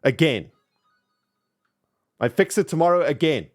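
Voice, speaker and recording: A man's voice: fairly high pitch, lively intonation, unhurried. A man hosting a casual gaming stream, venting in exasperation about his computer and chatting with a fellow player. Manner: exasperated, venting, swings loud and quiet. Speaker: streamer, channel host.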